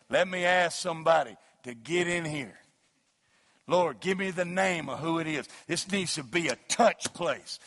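Preaching man, high voice, swinging to shouts. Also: unhurried. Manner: preaching, rising to loud shouts, then joking anecdotes. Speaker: pastor. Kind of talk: sermon with humorous storytelling.

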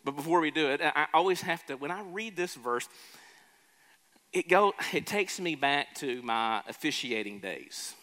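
A pastor preaching a sermon, emphatic, slowing and lifting his voice on key words. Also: on the high side, expressive, pushed and bright. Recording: hall reverb.

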